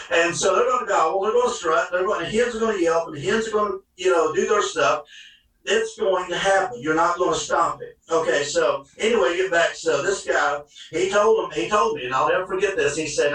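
A man spinning a hunting yarn in a folksy, colloquial way. His voice is fairly high and bright and forceful. The sound is very roomy and heard from a step back off the mic. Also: brisk. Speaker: hunting guest telling a story. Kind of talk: casual storytelling. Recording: echoey room, mic at a distance.

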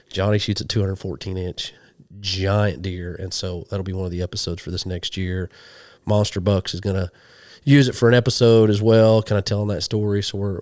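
A man from western Oklahoma, a hunting show guest, telling animated stories in a casual interview and quoting people as he goes. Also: low-pitched, no echo. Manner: animated storyteller, quotes people in dialogue.

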